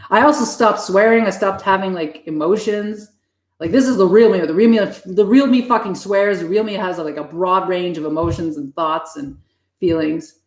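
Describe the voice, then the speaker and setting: A woman chatting with viewers on a live stream, blunt and heavy on swearing, quick to switch tone. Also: mid-range voice. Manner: profane, blunt and fast-shifting. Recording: echoey room.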